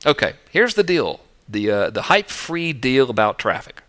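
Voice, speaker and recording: A man's voice: medium pitch, sing-song, moderate pace, fairly bright tone. A middle-aged man teaching list building in a casual, jokey, self-mocking video talk.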